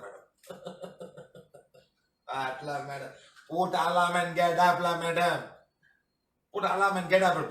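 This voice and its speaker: A man's voice: high voice, a bit bright. A man with a Malaysian English accent teaching a casual class, reading out messages and joking with a chatty, laughing manner. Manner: jokey, chatty, repeats "madam" and "huh", laughs often. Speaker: healing teacher answering testimonials. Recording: echoey room, voice somewhat far from the mic.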